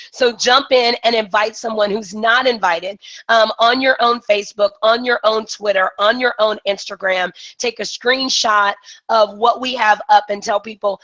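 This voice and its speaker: A woman business coach giving an energetic live-streamed coaching talk, acting out both sides of made-up conversations. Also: a little high, lo-fi sound.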